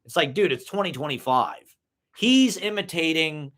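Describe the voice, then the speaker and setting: A young vlogger's voice sits on the high side, lively in intonation, bright, at normal speed. He rambles casually, cursing freely and leaning on "like" and "you know" as fillers.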